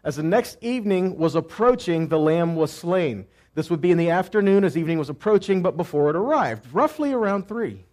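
A man teaching a sermon who asks questions and answers them himself, moving between loud cries and quiet asides. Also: sits high, animated, a little fast, hardly any pauses. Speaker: messianic teacher.

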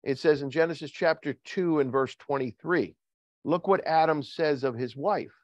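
A man's voice: normal speed, dry recording, dull audio. A man preaching a sermon as pastor, joking and asking the congregation questions. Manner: joking, asks the congregation questions, lively swings in pitch. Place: church. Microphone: video call recording.

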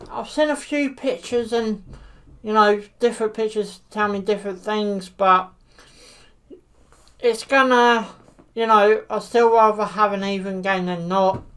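A woman giving casual football predictions to camera, hesitant and full of fillers. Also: mid-range voice. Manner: hesitant, many fillers like "you know". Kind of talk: casual solo commentary to camera.

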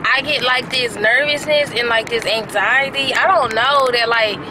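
A woman's voice: fairly high pitch, a little slow. Chatty young woman vlogging from a noisy car. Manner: chatty and excitable, swears freely. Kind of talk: casual vlog chat. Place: inside a car.

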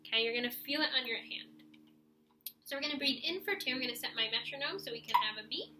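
A woman speaks fast in a high-pitched voice, with roomy sound and background noise. She's giving an instructional clarinet video lesson, urging her students on and taking them step by step through stretches and breathing, breathing and sighing audibly as she demonstrates.

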